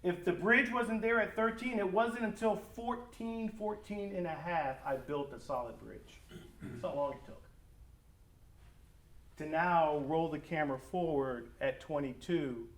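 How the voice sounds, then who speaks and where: A middle-aged man preaching as a pastor in a conversational, animated way, acting out family conversations. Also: fairly high pitch, a little slow. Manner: animated, acts out family dialogue. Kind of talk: conversational sermon talk. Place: church or school hall. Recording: echoey room, mic from a distance.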